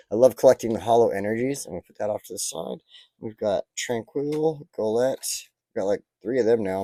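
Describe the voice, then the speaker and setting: A man casually talking through opening trading card packs, chatty and easily excited, rambling into side stories. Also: mid-range voice, no room sound. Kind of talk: casual unboxing commentary.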